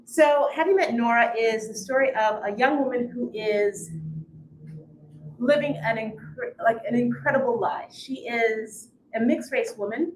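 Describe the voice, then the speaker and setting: A woman's voice: fairly high pitch, a little slow, slight background noise. A woman author talking about her novel before reading from it, laughing easily and joking at her own expense. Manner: laughing, self-deprecating, lively. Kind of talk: live book reading and chat. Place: bookstore. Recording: echoey bookstore.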